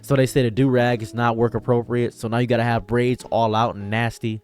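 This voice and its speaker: A man delivering an impassioned commentary monologue, emphatic and swinging from raised outbursts to quiet, low lines. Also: little pitch movement, fairly quick. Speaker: online commentator and streamer.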